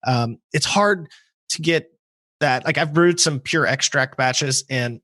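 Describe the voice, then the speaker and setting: A man co-hosting a podcast, explaining brewing in a relaxed, hedging way. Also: fairly high pitch, slow, no echo. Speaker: podcast co-host. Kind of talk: casual podcast chat.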